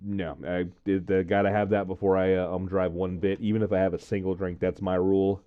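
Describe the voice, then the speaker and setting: Casual male vlogger with a lowish, smooth voice and a rambling delivery, recorded lo-fi. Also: level tone, a little fast. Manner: rambling, many fillers, quoting friends in his own voice. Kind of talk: casual storytelling to camera.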